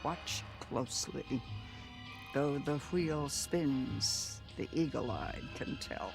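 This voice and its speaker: A creaky, cryptic old fortune teller. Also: female voice, extremely low pitch, over music, heavily acted. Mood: ominous. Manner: slow, ominous, cryptic, half-whispered. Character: eerie old fortune teller reading tarot cards.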